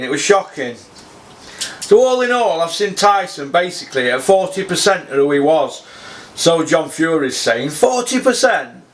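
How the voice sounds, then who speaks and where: A man's voice: high voice, a bit bright. Sweary, indignant man. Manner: blunt, sweary, indignant, with tag questions. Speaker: boxing commentator. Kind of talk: ranting commentary.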